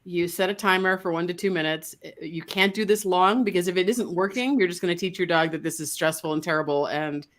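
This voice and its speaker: A woman dog trainer, a guest on an interview, explaining her method in a casual, animated way and slipping into voices for dogs. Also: on the low side, brisk, few pauses.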